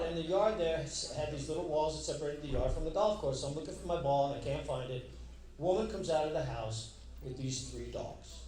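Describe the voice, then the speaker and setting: Male comic from New York, self-mocking, off-mic in a booming room. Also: a little mellow, distant mic. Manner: rambling, profane, self-mocking storytelling. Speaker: stand-up comedian. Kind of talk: stand-up storytelling. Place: comedy club stage. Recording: echoey club, mic heard from afar.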